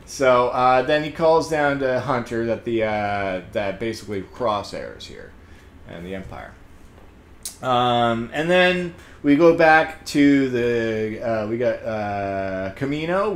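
Excitable man rambling through a review. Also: medium pitch, reverberant, slight background noise. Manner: rambling, excitable, laughs often, many fillers. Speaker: comedian reviewing a TV episode. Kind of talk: casual spoken review.

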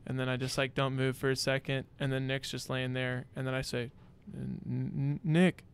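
Young guy on a podcast telling a story, acts out the lines, faint rumble behind. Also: fairly quick. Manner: animated storyteller, acts out quotes. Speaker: podcast guest. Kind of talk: casual storytelling chat.

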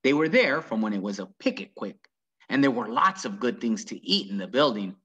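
Male reader, children's book read-aloud, husky, dull lo-fi recording. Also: mid-range voice, fairly quick. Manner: very lively, animated storytelling.

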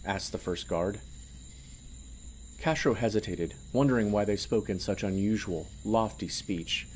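Low-voiced man narrating a story. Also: a little mellow, a little hiss or hum. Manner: measured, storytelling delivery. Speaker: narrator and producer. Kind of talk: scripted audio drama narration.

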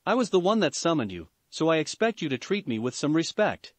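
A man voicing a brash, defiant teenage boy ninja who snaps back rudely and yells. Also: on the high side, big pitch swings, fairly quick, no echo. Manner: snappy, rude, yelling.

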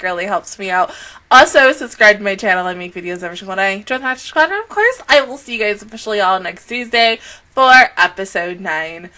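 A young woman reviewing an anime episode in a loud, expressive way, swearing often and swinging between shouts and laughter. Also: medium pitch. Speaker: anime reaction YouTuber. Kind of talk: excited anime reaction review.

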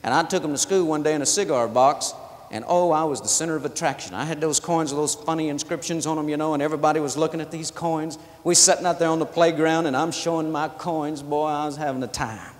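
Man preaching, folksy storyteller, slightly high voice, big reverberant hall. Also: fairly even intonation, quick pace. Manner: shouting, rising exclamations; folksy storyteller, drawling asides. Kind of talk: sermon with storytelling. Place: large convention hall. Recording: echoey hall, long reverb.

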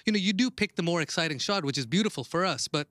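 A man with a higher, quick voice interviews a player on air. He stays upbeat and generous with compliments, and the recording is dry. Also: lively intonation, a bit bright, dry recording. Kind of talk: sports interview.

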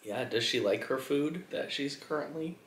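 A man's voice: medium pitch, animated, normal speed, a bit bright. A man, the dog's owner, asking brief, plain questions, heard roomy and off-mic.

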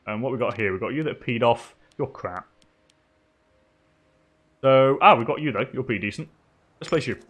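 A man's voice: medium pitch, fairly bright tone. Chatty English man streaming a game. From England. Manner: chatty, laughs often, talks to chat. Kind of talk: live gameplay commentary.

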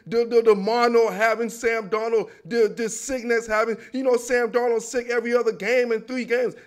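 A young man hosting a casual football talk show, animated and full of slang, ending lines with "man" and "dog". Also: high-pitched. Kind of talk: casual sports commentary.

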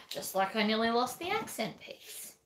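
A woman talks through a craft tutorial in a casual, self-deprecating way as she works. Her voice is bright and a touch high, and it rings in an echoey room. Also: very animated, unhurried, slight background noise. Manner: chatty and self-deprecating, talking while working.

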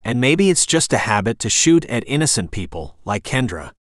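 A man voicing a tough retired male navy SEAL who gives calm, clipped orders. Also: mid-range voice, normal speed, no echo, clean studio sound, natural voice.

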